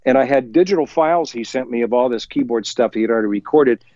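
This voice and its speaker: A man of middle pitch recounts a story to an interviewer, lively and chatty, switching voices for the people he quotes. The sound is dry, with almost no room echo. The top end is a little muffled. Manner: lively, acts out quoted voices, chuckles while telling; talks faster when excited. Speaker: musician guest. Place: home recording studio.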